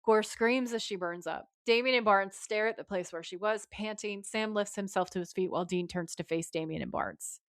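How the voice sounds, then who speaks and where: A woman's voice: medium pitch, moderate pace, hardly any pauses, no room sound, studio quality. A woman co-hosting a podcast, retelling TV scenes in casual chat and quoting the characters' lines. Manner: animated retelling, quotes characters. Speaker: podcast co-host.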